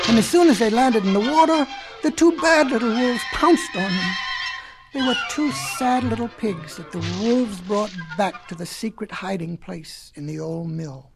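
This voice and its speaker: A woman narrating a storybook in a folksy, lively storytelling manner. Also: fairly high pitch, normal speed, over music. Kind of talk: storybook reading.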